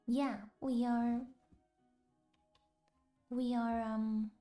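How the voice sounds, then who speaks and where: A woman streamer speaking softly in a whispered role-play, chatting to her viewers with giggles between words. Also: a little high, a little slow, pauses often. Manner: soft whispered chat, giggly, chats with viewers. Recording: roomy with faint music.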